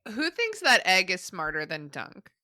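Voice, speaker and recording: A woman in a casual podcast chat, tossing in wry jokes and quick asides. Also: on the low side, huge pitch swings, sharp tone.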